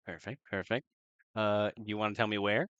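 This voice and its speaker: A man's voice: fairly low pitch, level tone, normal speed, a bit bright, smooth, no room sound, highs cut off. A man playing in a casual tabletop role-playing session, playful and hesitant, with many fillers. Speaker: player.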